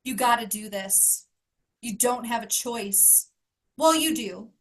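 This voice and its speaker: A woman life coach speaks slowly and earnestly to her group, pressing the same question again and again. Her voice sits high and bright. She sounds moved, close to tears. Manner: earnest, emphatic, repeating questions. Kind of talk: motivational talk to a group.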